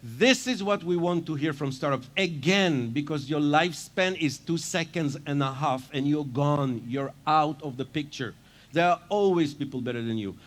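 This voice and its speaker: A man from Israel with an Israeli accent, whose first language is Hebrew, giving a blunt, emphatic talk on a conference stage. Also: a little high. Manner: blunt, emphatic, quick-talking. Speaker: conference speaker. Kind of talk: energetic stage talk with audience Q&A.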